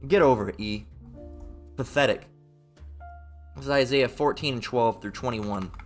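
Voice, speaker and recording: A man's voice: medium pitch, moderate pace, faint music behind. A man giving a heated Bible commentary, mocking, profane and repetitive as he reads and rants. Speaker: Bible teacher.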